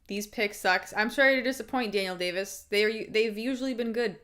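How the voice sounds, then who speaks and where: A woman hosting a live fight watch-along, chatting excitedly, swearing casually and laughing often. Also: medium pitch, fairly quick. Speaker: livestream host.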